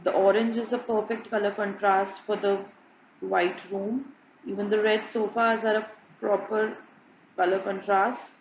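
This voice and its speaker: Woman flatly narrating a design presentation. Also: mid-range voice, a little slow, a little hiss or hum. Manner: flat, repetitive listing of examples. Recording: muffled, echoey room with faint ambience.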